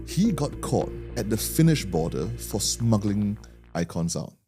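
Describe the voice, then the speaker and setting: A man's voice: on the low side, sing-song, unhurried, over music. A man with a Singaporean English accent, co-hosting a podcast and telling a story in a chatty way, often restarting his sentences. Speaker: podcast co-host. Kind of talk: casual storytelling chat.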